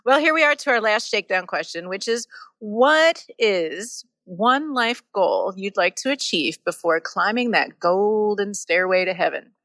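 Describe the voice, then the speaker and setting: A woman's voice: medium pitch, expressive, measured pace, fairly bright tone, dry recording. A woman hosting an interview podcast in an upbeat, playful manner, on stage at a bar. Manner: upbeat, playful, reads sponsor spots. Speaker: podcast host.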